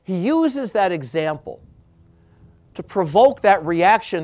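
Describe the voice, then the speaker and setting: A priest with a sing-song male voice gives a homily, slow and deliberate, reaching emphatic highs and then settling into hushed endings.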